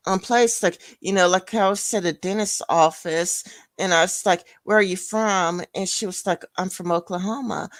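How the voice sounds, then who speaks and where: A woman's voice: lowish voice, no echo. A woman co-hosting a podcast in casual chat, rambling with lots of fillers like "you know". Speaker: podcast co-host.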